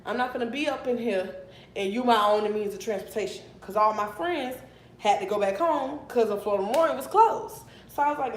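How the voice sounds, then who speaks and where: A young woman telling a storytime on a livestream, animated and blunt, swearing freely. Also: fairly high pitch, fairly quick, slight background noise. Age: young adult. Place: her apartment, indoors. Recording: echoey room.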